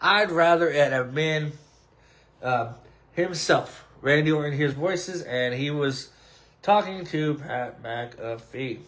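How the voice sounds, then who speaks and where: A male podcast host in casual sports and wrestling talk, hoarse with a cracking voice, animated and stretching words for drama. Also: fairly high pitch, slow pace. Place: home room at a computer. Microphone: desk microphone.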